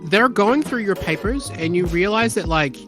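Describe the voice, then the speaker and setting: A man's voice: high voice, animated, fairly bright tone, soft background music. A man narrating as game master of a tabletop role-playing game, loose and full of fillers. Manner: loose, filler-heavy narration with quick voiced asides.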